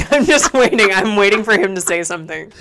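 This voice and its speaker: A woman's voice: mid-range voice, expressive, fairly quick. A young woman co-hosting a podcast in casual chat. She jokes, swears and laughs easily. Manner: joking, loud laughs, slips into mock accents. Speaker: podcast co-host.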